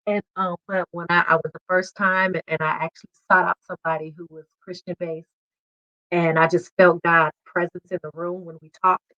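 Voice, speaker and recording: A woman's voice: lowish voice, fairly bright tone. A woman in her forties telling her personal testimony as a podcast guest, candid and emotional, laughing at times. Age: 40s. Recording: dull lo-fi sound.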